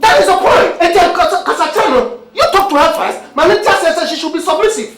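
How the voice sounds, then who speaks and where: Brief: an indignant spouse arguing with a pastor, high-pitched, fast, heated, echoey room. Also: female voice, lively intonation. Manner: heated, argumentative, mixing Twi and English. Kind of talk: Ghanaian film drama dialogue. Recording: echoey room with faint music.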